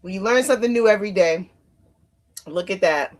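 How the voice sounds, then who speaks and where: A woman with a New Jersey accent chatting casually on a live stream, animated and curious, asking lots of questions. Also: mid-range voice, moderate pace.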